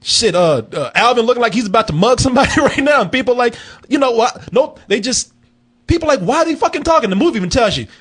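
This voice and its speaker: A man's voice: very high voice, animated, fast talker, fairly bright tone, husky. A man hosting a casual film review show, telling the story in a profane, rambling, joking way. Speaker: film review podcast host. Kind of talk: casual comedic chat.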